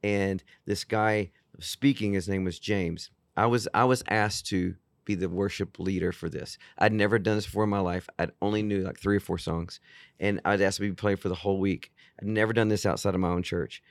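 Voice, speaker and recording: A man's voice: low voice, brisk, no room sound, studio quality. A man in his fifties, a worship singer-songwriter telling stories earnestly in an interview, often restarting his sentences. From Texas. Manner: earnest, animated, with frequent restarts. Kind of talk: storytelling in an interview.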